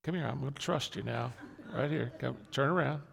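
A man's voice: medium pitch, fairly quick, vocal fry. A man preaching a conversational sermon to his congregation, repeating key words and restarting phrases as he goes. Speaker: pastor. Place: church sanctuary. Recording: long hall reverb.

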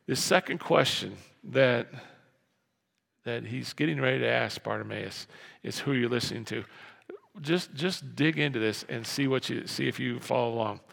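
Male pastor, animated sermon delivery, gravelly slightly high voice, recorded in a reverberant sanctuary. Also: normal speed. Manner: animated, acts out crowd and beggar voices, repeats phrases. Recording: long hall reverb.

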